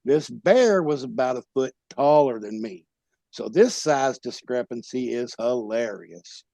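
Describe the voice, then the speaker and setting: A former pro wrestler telling a rowdy, profane story as a podcast guest. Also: male voice, medium pitch, lively intonation, unhurried, creaky, no room sound. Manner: profane, loud tall-tale telling. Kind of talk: animated comic storytelling.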